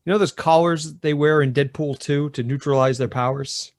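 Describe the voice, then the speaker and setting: A man playing a tabletop game on a podcast, describing scenes in a relaxed, casual way. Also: a little high, normal speed, no echo. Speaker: player. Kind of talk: casual actual-play chat.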